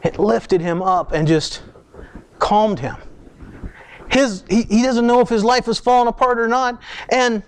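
High-voiced man preaching conversationally. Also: a little slow, pauses often, smooth. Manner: conversational storytelling with animated quoted asides. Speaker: pastor. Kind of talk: sermon.

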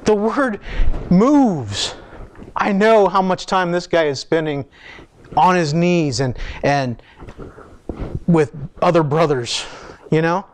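High-voiced man preaching conversationally. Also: slow pace, pauses often. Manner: conversational storytelling with animated quoted asides. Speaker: pastor. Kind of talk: sermon.

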